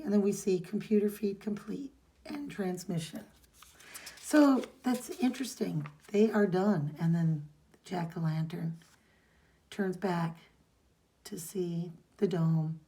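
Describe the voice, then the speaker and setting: A woman's voice: lowish voice, slow pace, warm tone. A woman co-hosting a podcast, casually recapping a comic's plot in a rambling way. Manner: rambling recap, reads dialogue aloud. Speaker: podcast co-host.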